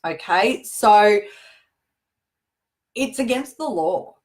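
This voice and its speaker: A woman's voice: medium pitch, expressive, very slow. A middle-aged woman hosting a show, talking earnestly and conversationally to camera, with emphatic repetition. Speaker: host answering viewer questions. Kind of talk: casual direct-to-camera talk.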